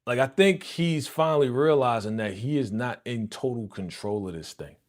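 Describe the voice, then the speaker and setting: A man hosting a live reaction stream, excitedly retelling a TV episode in slangy, chuckling casual talk. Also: mid-range voice, normal speed.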